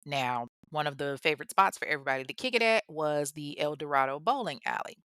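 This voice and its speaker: A woman's voice: low-pitched, animated, quick pace, bright, forceful tone, clear, resonant tone, dry recording, clean studio sound. A woman hosting a true crime show, retelling a case in a conversational way full of asides. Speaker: host.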